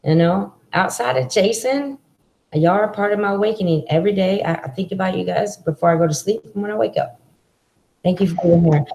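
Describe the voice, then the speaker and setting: A woman's voice: medium pitch, brisk, creaky, darkish tone, slight background noise, rough recording. A woman hosting a livestream chat, talking in an effusive, heartfelt, spiritual way over a video call. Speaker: livestream host. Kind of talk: emotional live chat.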